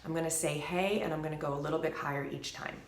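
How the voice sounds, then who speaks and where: A woman vocal coach calmly explaining singing exercises during a lesson, speaking in measured steps between demonstrations. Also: low voice, echoey room.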